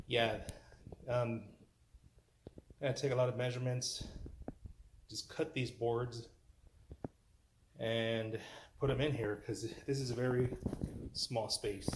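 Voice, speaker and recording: A man narrating his home renovation work in a casual how-to style, relaxed and chatty, with frequent ums and asides to viewers. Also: mid-range voice. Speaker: DIY home renovation vlogger. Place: indoors in a small room under renovation. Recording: echoey room, faint noise.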